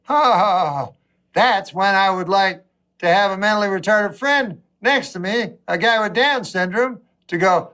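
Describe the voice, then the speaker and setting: A man doing a stand-up comedy set, rambling and meandering, with long pauses and frequent self-interruptions. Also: sits high, pushed and bright.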